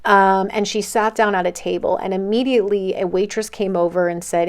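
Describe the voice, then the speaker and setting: A woman's voice: medium pitch, steady tone, fairly quick, hardly any pauses. Woman casually retelling a story. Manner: loose, filler-heavy narration with "like" and "um". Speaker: narrator of a group's history series.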